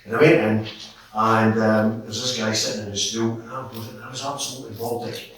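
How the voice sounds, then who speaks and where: A man's voice: on the low side, little pitch movement, brisk, fairly bright tone, slight background noise. Man, Scottish accent, middle-aged, passionate, rambling, echoey hall, far from the mic. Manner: passionate, rambling storyteller with many restarts. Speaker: audience member at a public meeting. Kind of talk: impassioned public speaking.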